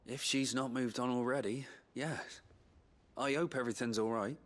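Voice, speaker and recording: An actor playing a courteous man who speaks in a measured, polite way. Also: medium pitch, steady tone, fairly bright tone, lightly acted. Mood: concerned.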